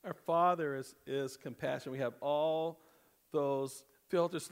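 Animated man preaching in a reverberant sanctuary. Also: a little high, measured pace, clean tone. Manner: animated preaching, swinging from loud bursts to hushed near-whispers, laughing often. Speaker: pastor. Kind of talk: sermon. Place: church sanctuary. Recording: long hall reverb.

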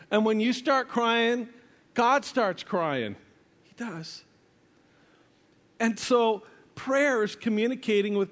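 A man with a notably high voice delivers a sermon. He talks conversationally and playfully, breaking into asides and restarting his sentences. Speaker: pastor.

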